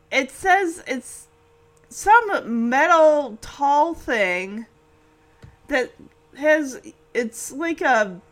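A woman podcaster casually retelling a sitcom episode, chatty and animated, often laughing and quoting the characters. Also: high-pitched. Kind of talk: casual chat.

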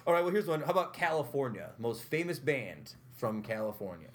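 Chatty young man with a lively voice. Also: mid-range voice, brisk. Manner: chatty, laughs often, quizzes guests. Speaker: podcast host. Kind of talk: casual chat.

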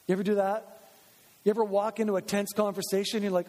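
A man's voice: high-pitched, level tone, quick pace, darkish tone. A man preaching a sermon as pastor in a church, conversational and acting out quoted voices. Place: church sanctuary. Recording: long church reverb.

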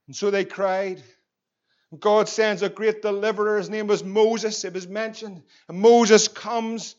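A pastor preaches with passion in a notably high voice, moving between loud calls and hushed words. The recording is dull and lo-fi, as if taped in a church. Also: male voice, measured pace, smooth. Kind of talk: sermon.

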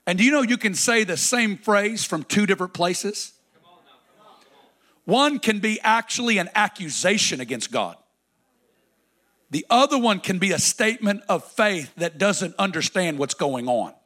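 A man preaching a sermon, dramatic, swinging between loud declarations and hushed, drawn-out lines. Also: high voice, expressive.

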